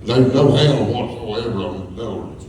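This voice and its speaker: A man's voice: fairly low pitch, moderate pace, a little mellow. A man telling folksy, rambling stories to a live audience, chuckling as he goes. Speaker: storyteller. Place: school hall with a live audience. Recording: echoey hall from far off, faint hum.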